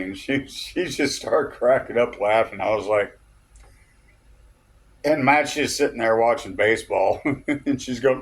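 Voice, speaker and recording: A man's voice: medium pitch, a little slow, pauses often. Chuckling man rambling through a story. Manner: chuckling, loose and digressive, peppered with "okay?" and "uh".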